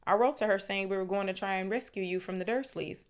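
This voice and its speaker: A woman reading the lines of an excitable young teenage boy in her own voice, pitch lifted a little. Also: fast, clean tone, lightly acted. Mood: eager.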